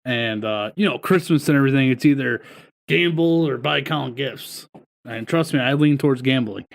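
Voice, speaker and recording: A man's voice: mid-range voice, normal speed, gravelly, no room sound. Dry-voiced man in casual sports chat. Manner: swears freely, tells stories with quoted voices. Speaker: podcast co-host. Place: home, streaming over wifi.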